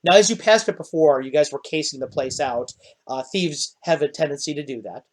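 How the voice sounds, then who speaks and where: A man narrating a tabletop game as game master, in a rambling way with many pauses and fillers. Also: fairly high pitch.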